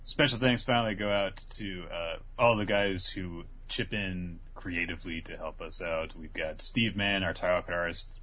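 A man's voice: low-pitched, steady tone, normal speed, few pauses, sharp tone. A man co-hosting a casual podcast, reading the outro and plugs in an easygoing way. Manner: easygoing, reads plugs with filler. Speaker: podcast co-host.

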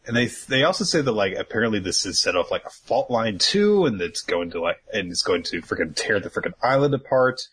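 A man's voice: low voice, a bit bright, breathy edge, low-quality recording. A man co-hosting a podcast, casually recapping an episode in a rambling way, with lots of fillers and freely dropped swear words. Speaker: podcast co-host.

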